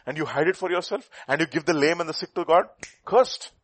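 In a fairly high, slightly rough voice, a man delivers a sermon at a fairly quick pace. He animatedly poses rhetorical questions to the congregation and uses a folk story to illustrate his message.

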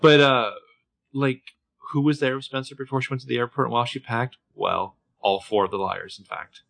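A man's voice: medium pitch, steady tone, brisk, vocal fry, fairly bright tone. A man co-hosting a casual TV recap podcast, chatty and joking. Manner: chatty, with playful jokes. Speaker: podcast co-host.

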